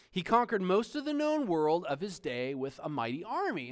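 A male pastor preaching a sermon, telling a story and stressing key phrases slowly. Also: sits high.

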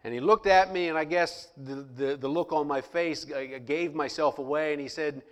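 A man telling a personal story to listeners in a lively way, acting out the people he quotes. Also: fairly high pitch, normal speed. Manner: animated, acts out the people he quotes. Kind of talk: personal anecdote told to listeners.

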